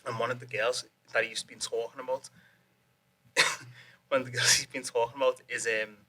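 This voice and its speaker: A young man tells a story in loose, rambling casual chat, swearing freely and laughing often. His voice is bright and forward and sits at a middle pitch. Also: little pitch movement, normal speed. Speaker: guest, MMA fighter.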